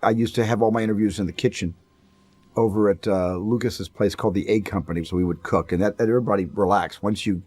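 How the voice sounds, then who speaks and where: A film director speaks in a slightly low voice, reminiscing in a documentary interview. His delivery is loose and anecdotal, with small restarts as he finds his words. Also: fast talker. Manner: relaxed, anecdotal, repeats words as he thinks. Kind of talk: documentary interview, recalling the production.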